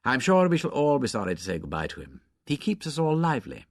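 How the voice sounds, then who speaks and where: A man plays a chatty hospital nurse in an audiobook, talking on in a gossipy, fond way with a lively rise and fall. The voice sits close and dry. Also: mid-range voice, fast, no echo, pitched above the performer's own voice.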